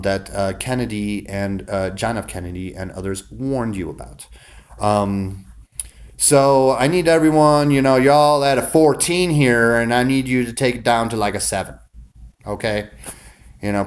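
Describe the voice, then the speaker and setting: A man delivering a casual, rambling monologue to his viewers, cursing freely and restarting his sentences often. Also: medium pitch. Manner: rambling, profane, many restarts. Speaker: vlogger.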